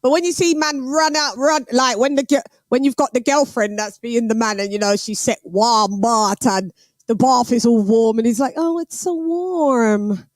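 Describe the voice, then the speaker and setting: Woman, boxing stream host, slangy animated banter, dry close sound. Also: fairly high pitch, moderate pace, dry recording. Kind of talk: casual livestream commentary.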